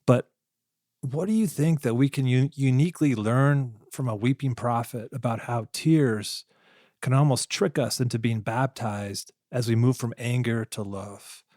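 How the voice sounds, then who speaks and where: A man's voice: mid-range voice, a little slow, darkish tone, no room sound, studio quality. A man co-hosting an interview, asking a thoughtful question and searching for his words. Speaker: podcast co-host.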